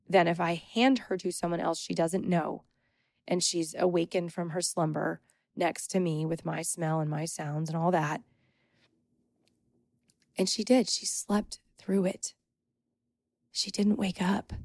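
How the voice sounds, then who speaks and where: A woman's voice: fairly low pitch, darkish tone, dry recording. A young adult woman hosting a podcast, telling a personal story in an emphatic, indignant, casual way. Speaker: podcast host.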